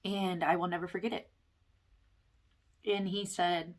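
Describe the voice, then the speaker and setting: A woman's voice: on the low side, flat delivery, a little slow. A young woman talking earnestly about a spiritual awakening, rambling with fillers like "like" and "you know". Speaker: wellness vlogger. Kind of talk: personal testimony monologue.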